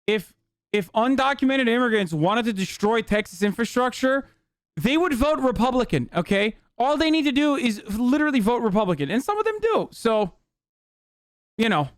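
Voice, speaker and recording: A man's voice: extremely high pitch, sing-song, normal speed, dry recording. A man streaming live, reacting to a clip with heated, profane and sarcastic commentary.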